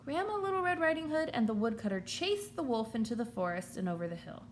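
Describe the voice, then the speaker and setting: A woman teacher reading a children's story aloud in an expressive storytelling manner. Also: a little high, fast talker, slight background noise.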